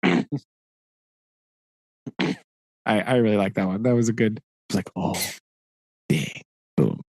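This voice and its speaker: A man co-hosting a casual book discussion, animated, acting out the characters' lines as he retells scenes. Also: fairly low pitch, unhurried, no echo. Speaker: podcast co-host.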